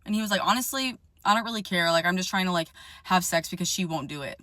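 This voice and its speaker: A young woman telling a dating story in a casual, animated rant, swearing often and sounding indignant. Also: on the low side, fast, dry recording, clean studio sound.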